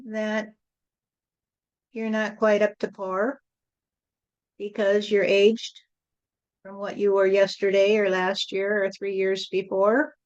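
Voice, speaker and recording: A woman's voice: medium pitch, flat delivery, takes it slowly, long pauses, smooth, dull audio. A woman channeling a spirit who gives a preachy spiritual lesson to a group and often repeats "you see".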